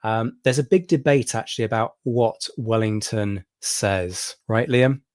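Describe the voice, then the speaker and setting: Male history host, lowish voice, dry close sound, chatty lecture with ums. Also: a little slow, dry recording. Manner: explanatory, many ums and restarts. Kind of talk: livestream history talk.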